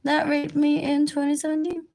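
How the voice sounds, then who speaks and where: A woman's voice: high voice, level tone, moderate pace, gravelly, a little mellow. A woman rambling through a livestream monologue, drifting between topics and repeating herself.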